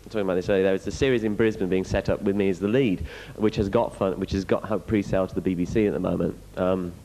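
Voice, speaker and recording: A man's voice: low-pitched, fairly even intonation, fast talker, mellow, a little hiss or hum, poor audio. A young English man with an English accent, answering fan questions bluntly and candidly on a panel. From England. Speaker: guest actor. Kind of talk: fan convention Q&A.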